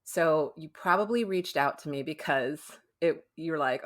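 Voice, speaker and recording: A middle-aged woman counselor is a guest on a podcast. Her voice is low for a woman. She explains her ideas in a calm, reassuring, conversational way. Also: unhurried, hardly any pauses.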